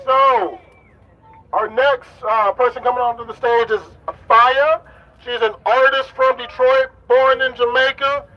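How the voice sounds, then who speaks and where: A man's voice: very high-pitched, animated, unhurried, muffled recording. A man emceeing a rally, leading the crowd in call-and-response chants and hyping them up. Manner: shouts chants, hypes the crowd. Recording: live rally with loud crowd and traffic. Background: cheering crowd and street noise.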